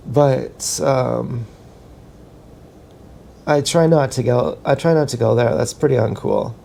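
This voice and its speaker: Man, vlogger, gravelly fry, mellow tone, rambling self-mocking monologue, restarts. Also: medium pitch, slow pace, slight background noise. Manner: meandering, self-mocking, thinks aloud with many restarts; talks while dancing.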